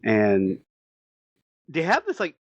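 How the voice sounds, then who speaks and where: Excitable man recapping an anime, lo-fi. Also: medium pitch, slow, no echo. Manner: animated storytelling with frequent laughs. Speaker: podcast co-host. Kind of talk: casual episode recap. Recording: dull dry lo-fi sound.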